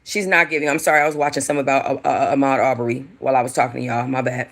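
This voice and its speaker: A woman hosting casual gossip commentary about reality TV, chatty, animated and profane. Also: very deep voice, racing. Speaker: host.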